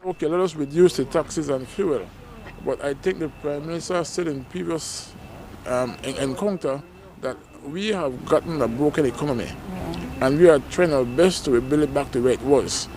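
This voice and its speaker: A man's voice: a little high, moderate pace, darkish tone, slight background noise. A man, a government minister reassuring the public in a press interview.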